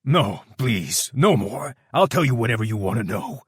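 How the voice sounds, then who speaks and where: A man playing a crude, loud big brute. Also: on the low side, lively intonation, normal speed, slightly rough, no room sound, clean studio sound. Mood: begging. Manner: loud and crude, pleading tearfully. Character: big burly brute, crude, breaking into blubbering.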